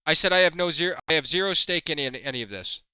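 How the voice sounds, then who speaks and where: A man's voice: a little high, lively intonation, racing, sharp tone, clear, resonant tone, no echo. A man hosting a heated commentary video, reading chat logs aloud and swearing as he accuses someone. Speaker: commentary host.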